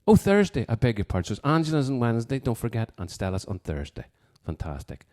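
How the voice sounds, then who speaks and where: This live music show host is a man whose mid-range, slightly mellow voice has a sing-song quality, and he talks fast. Sitting in a piano room at home, he rambles casually between songs, reading out requests and birthday messages.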